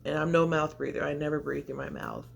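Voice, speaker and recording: A woman's voice: sits low, steady tone, fast, gravelly, a little hiss or hum. A woman vlogging casually to camera at home in a chatty, confessional, rambling way, often a little out of breath. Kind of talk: casual vlog chat to camera. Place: home, indoors by natural light.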